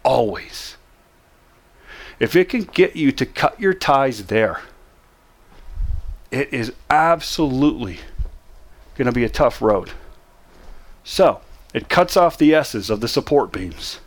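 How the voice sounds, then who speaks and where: Speaking unhurriedly with long pauses, a man with a medium-pitched, expressive voice gives motivational instruction on handling depression. He talks straight to the listener, pressing his point with short commands he repeats emphatically.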